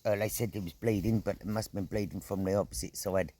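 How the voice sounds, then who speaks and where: A middle-aged man vlogging outdoors at an evening camp, telling a story in a casual, animated way, full of slang, swearing and sound effects. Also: fairly low pitch, quick pace.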